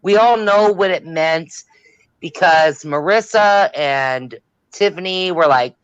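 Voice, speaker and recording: A high-voiced man joins a livestream panel over a dull, lo-fi line. He is emphatic and repeats his points. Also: slow pace, a bit bright, clear, resonant tone, no room sound. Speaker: panel guest. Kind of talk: casual livestream chat.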